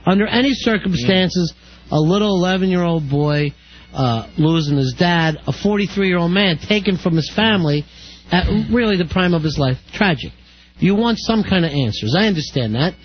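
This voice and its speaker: Man, radio host, teasing, skeptical, slightly high voice, muffled radio sound. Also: expressive, normal speed, slight background noise. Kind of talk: casual radio talk. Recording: dull lo-fi radio recording.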